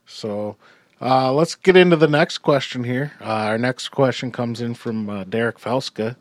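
A man's voice: mid-range voice, measured pace, no echo, studio quality. A man hosting a casual hockey podcast, chatty, with frequent laughs and fillers. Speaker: podcast host. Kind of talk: casual sports podcast chat.

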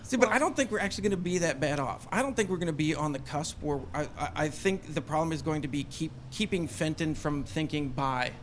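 A man's voice: fairly high pitch, lively intonation, brisk, few pauses, slight background noise. Rambling, cursing podcast guy. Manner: rambling, profane, laughs often. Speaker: podcast co-host. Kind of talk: casual sports chat.

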